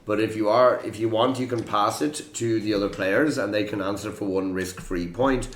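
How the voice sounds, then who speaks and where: Low-voiced Irish quiz host, echoey room. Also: male voice, moderate pace. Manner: chatty, joking, self-deprecating. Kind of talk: hosting a quiz podcast. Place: room in Prague.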